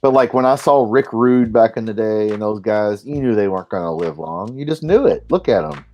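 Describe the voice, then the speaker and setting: A man hosting a live stream, talking in a rambling, profane, animated way. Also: fairly low pitch, fairly quick, muffled recording. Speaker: stream host. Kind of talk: casual chat.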